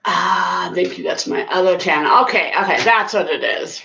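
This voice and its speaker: A woman's voice: lowish voice, moderate pace, creaky, pushed and bright, slight background noise. A woman chatting casually on a live stream, rambling and laughing at herself. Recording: echoey, dull lo-fi room sound.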